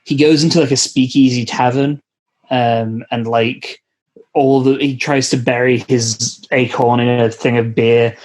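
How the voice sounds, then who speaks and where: A man's voice: medium pitch, fairly even intonation, unhurried, darkish tone. A man co-hosting a comedy podcast, riffing casually with lots of fillers and jokes. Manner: rambling, joking, many fillers. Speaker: podcast co-host.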